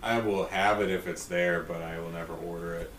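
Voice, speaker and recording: A man's voice: deep voice, fairly even intonation, a little fast, fairly bright tone, slight background noise. A man co-hosting a podcast, reacting to a story with short exclamations and laughs. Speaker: podcast co-host. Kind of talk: casual chat.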